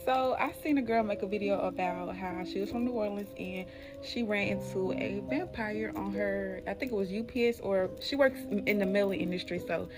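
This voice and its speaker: A young Alabama woman who hosts a channel casually tells her viewers a true spooky story in a mid-range voice at normal speed, with music playing behind her. Chatty, she calls them y'all and goes hushed for the creepy parts.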